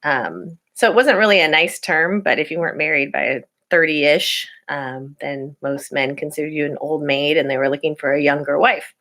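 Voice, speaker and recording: A woman's voice: deep voice, moderate pace, hardly any pauses, fairly bright tone. A woman teacher reading a novel aloud to her students at home, telling the story expressively and then chatting through class reminders with fillers.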